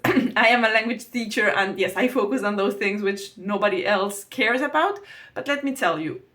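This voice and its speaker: Patient woman teaching with frequent pauses. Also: on the high side, fairly bright tone. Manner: patient explaining, often pausing with "uh". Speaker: Spanish language teacher. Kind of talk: podcast lesson on exam writing.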